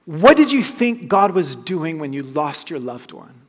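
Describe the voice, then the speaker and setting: A man preaching a sermon, earnest and emphatic, dropping soft on key phrases. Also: a little high, big pitch swings, a little slow, big-room sound. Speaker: pastor.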